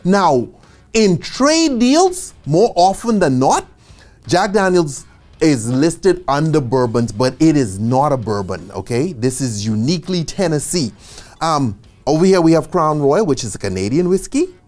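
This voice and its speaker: Lively man teaching bartending basics. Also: fairly high pitch, unhurried. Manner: animated, checks in with "okay?" after points; casual and chatty, with asides and small laughs. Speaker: bartending instructor. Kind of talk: instructional video lesson.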